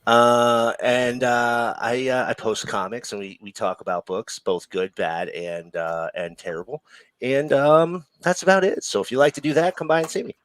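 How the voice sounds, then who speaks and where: A man's voice: medium pitch, fairly even intonation, normal speed, fairly bright tone, no echo. A man chatting as a guest, hesitant and full of fillers. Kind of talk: casual chat.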